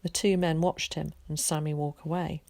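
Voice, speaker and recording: A teacher reading a children's story aloud in a calm, steady way. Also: female voice, sits low, moderate pace, creaky, no room sound.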